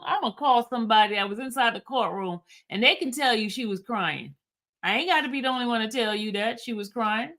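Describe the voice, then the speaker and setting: A woman hosts a livestream recap, reading court filings aloud and tripping over the legal language while chatting casually with her viewers. Her voice sits on the high side and sounds animated and fairly bright, and she talks fairly quickly.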